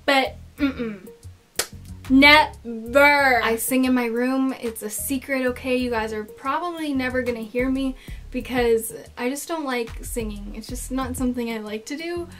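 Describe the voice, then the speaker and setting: A woman's voice: high-pitched, moderate pace, faint music behind. A teenage girl chatting casually in a get-to-know-me vlog, telling stories with lots of "like" fillers. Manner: chatty, dramatic storytelling with many "like" fillers.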